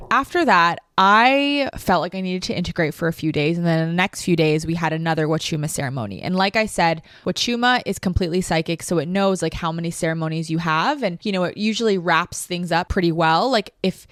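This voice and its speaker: A woman podcast host tells a personal story, emotional and reflective, saying "like" a lot. Her lowish voice is brisk and a bit bright, with few pauses. The studio sound is clean, with no room sound.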